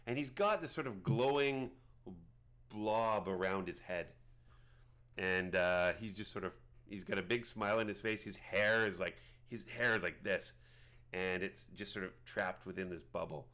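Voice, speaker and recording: A man narrating a tabletop game as game master, rambling with many halting restarts. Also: low-pitched, pushed and bright.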